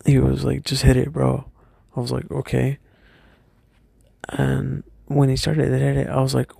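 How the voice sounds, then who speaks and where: A young man telling a personal story from his school days, hesitant and halting, often stopping and restarting. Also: mid-range voice, completely flat delivery, creaky, warm tone, slightly rough, no room sound, studio quality.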